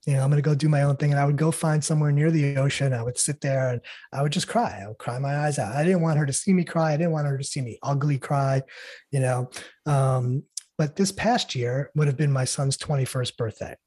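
A middle-aged man speaking earnestly and haltingly as a guest in an interview. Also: medium pitch, steady tone, darkish tone, breathy edge. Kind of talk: emotional interview talk.

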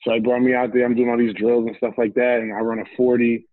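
A man in a relaxed interview drifts through a personal story, acting out what people said along the way. He comes through a narrow, phone-like line that is completely dry. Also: mid-range voice, quick pace, no room sound. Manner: easygoing, rambling, recounts scenes with quoted dialogue. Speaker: guest, former football player. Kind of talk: casual storytelling.

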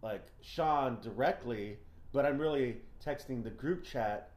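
A man's voice: medium pitch, measured pace. A young man co-hosting a casual podcast, swearing freely and acting out other people's lines as he rants. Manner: swears a lot, rants with animated quoting. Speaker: podcast co-host. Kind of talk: casual profane chat. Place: house. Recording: roomy house recording.

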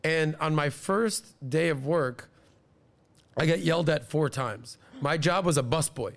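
Animated storytelling man. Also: unhurried, vocal fry. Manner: animated, acts out quoted people in higher voices. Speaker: podcast host. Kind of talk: casual storytelling chat.

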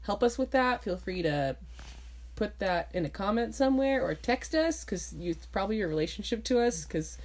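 A woman's voice: medium pitch, lively intonation, moderate pace. A woman co-hosting a casual podcast from her bedroom, talking in a sing-songy, giggly, rambling way. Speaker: podcast co-host. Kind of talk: casual chat.

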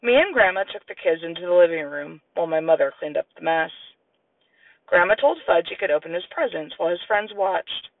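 Brief: animated male storyteller, gravelly, thin lo-fi radio quality. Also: fairly quick, no echo, far from the mic. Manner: lively, plays children's voices in high squeals. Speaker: audiobook narrator. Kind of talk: storybook narration with voiced characters. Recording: tinny, lo-fi, radio-like sound.

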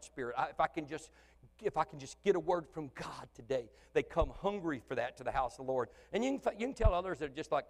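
A man preaching as the pastor of a church, in an animated style that swings from shouting to soft conversational asides. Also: on the high side, fast. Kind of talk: sermon. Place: church sanctuary. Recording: long church hall reverb.

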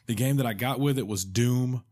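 A man's voice: medium pitch, a little mellow. A man hosting a podcast in casual chat, enthusiastic and joking. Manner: enthusiastic, joking, quick to laugh. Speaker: podcast host.

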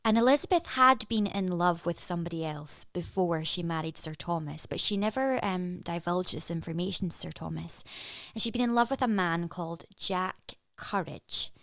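A young woman from Edinburgh with an Edinburgh Scottish accent, a stage actress chatting as a podcast guest and telling a story in a lively, animated way. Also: fairly low pitch, moderate pace, dry recording. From Edinburgh, Scotland. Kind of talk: casual chat, storytelling.

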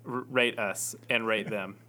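A man's voice: fairly low pitch, fairly even intonation, measured pace, bright, forceful tone. A man co-hosting a casual church-related chat, playful and joking.

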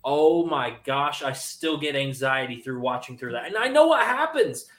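A young man chats eagerly as a podcast co-host, tumbling through his points with plenty of ums. His voice sits a touch high, and the room around him rings with a noticeable echo. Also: big pitch swings, moderate pace, a bit bright. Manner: enthusiastic, rambling with fillers. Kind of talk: casual chat.

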